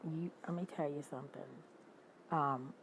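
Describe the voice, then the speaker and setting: Older woman host, chatty and animated, slightly low voice, faint background hiss. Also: normal speed, low-quality recording. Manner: chatty, animated, laughs often and greets viewers by name. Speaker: livestream host. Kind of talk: casual chat with live viewers.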